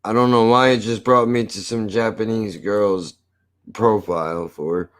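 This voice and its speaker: A man drawls through a casual reaction stream, slow and low-pitched, swearing and wandering off topic. His voice comes through smooth and clear. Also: steady tone, fairly bright tone. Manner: rambling, crude, laid-back. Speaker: watch-along streamer.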